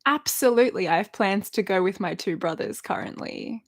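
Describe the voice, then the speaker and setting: This Australian woman, in her 30s, chats loosely with her live stream audience from her bedroom, laughing frequently and wandering between answers to viewers' questions. She speaks at a medium pitch and a normal speed.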